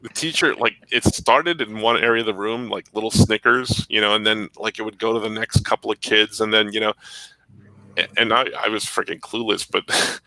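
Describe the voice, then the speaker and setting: A man casually telling school stories on a live stream, animated and acting out the people he quotes. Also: lowish voice, moderate pace, creaky, dry recording, poor audio. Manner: animated storyteller who acts out quoted voices. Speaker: comic shop podcast co-host. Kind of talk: casual storytelling chat.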